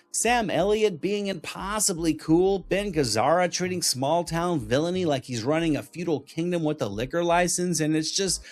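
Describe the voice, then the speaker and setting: Middle-aged guy narrating his own video, laid-back and nostalgic, kinda higher voice. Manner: relaxed, reflective, affectionate. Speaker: host. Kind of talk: scripted narration.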